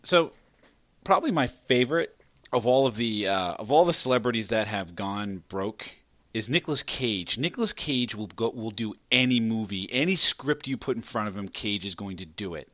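Animated, laughing male podcast co-host. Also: lowish voice, moderate pace, no room sound. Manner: laughs often, playful, teasing. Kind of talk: casual banter.

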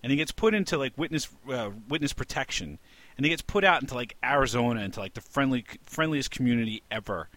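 A man from New York City co-hosting a casual podcast chat, telling stories in a rambling, animated way with plenty of swearing and laughter. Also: mid-range voice, fast, no room sound. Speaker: podcast co-host.

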